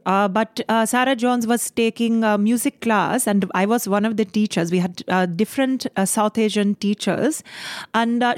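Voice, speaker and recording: A woman voicing an earnest middle-aged South Asian music teacher, speaking slowly and carefully with many pauses. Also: a little high, no room sound, studio quality, lightly acted. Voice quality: slow, careful phrasing with frequent pauses.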